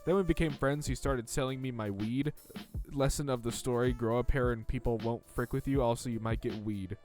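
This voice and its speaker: A man's voice: medium pitch, brisk. Give me a man reading stories aloud with dry sarcasm, with faint music underneath. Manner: sarcastic, deadpan debunking. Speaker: reader and commentator.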